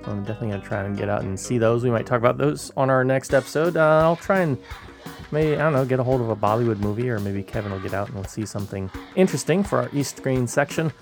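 A man co-hosting a film podcast, talking in a relaxed, rambling way with lots of fillers. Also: medium pitch, fast talker, vocal fry, soft background music. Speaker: podcast co-host. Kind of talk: casual podcast chat. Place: Hong Kong.

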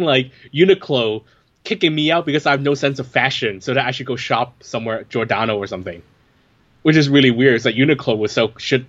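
Man, film reviewer, wry and chatty, mid pitch; dull lo-fi recording. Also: fairly bright tone. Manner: wry, chatty, many fillers. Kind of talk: casual film review chat.

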